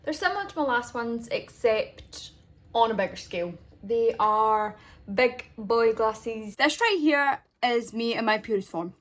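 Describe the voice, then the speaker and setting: A woman's voice: on the high side, a bit bright. A young woman chatting casually in a vlog, rambling along with frequent restarts. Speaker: vlogger.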